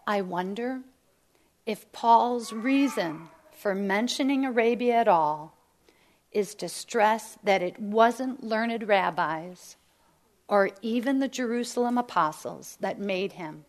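A woman teaching a Bible study to women, emphatic and sometimes dropping to a near whisper. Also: medium pitch. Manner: slow, emphatic, drops to near whisper at key lines.

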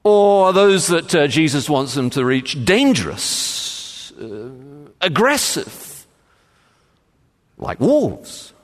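A man preaching a sermon as pastor, measured and emphatic, with frequent pauses and "uh" fillers. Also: fairly high pitch, big pitch swings. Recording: long reverb of a large hall.

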